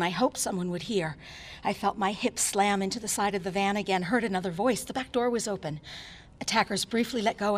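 A woman's voice: medium pitch, natural voice. An actress playing a frightened, defiant woman doctor. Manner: intense, shifting from hushed dread to screaming. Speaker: actor performing a diary monologue. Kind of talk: dramatic stage reading.

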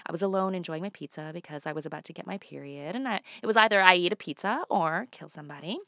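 A woman in her late thirties doing a stand-up comedy monologue, dropping to hushed asides and bursting into loud exclamations. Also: fairly low pitch, quick pace, gravelly, dry recording, studio quality. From Canada. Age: 30s.

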